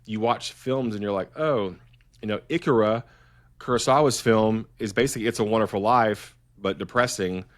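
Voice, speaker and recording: Enthusiastic low-voiced man, rambling. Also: normal speed. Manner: enthusiastic, rambling, restarts often. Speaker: filmmaker, interview guest. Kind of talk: casual interview conversation.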